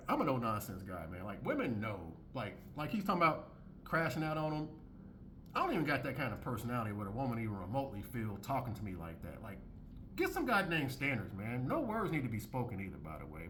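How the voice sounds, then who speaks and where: A man giving casual reaction commentary on a video, blunt and repetitive, often jumping into high mocking tones. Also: huge pitch swings, fast, a bit bright, a little hiss or hum. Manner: blunt, repeats phrases, swings into high mocking voices.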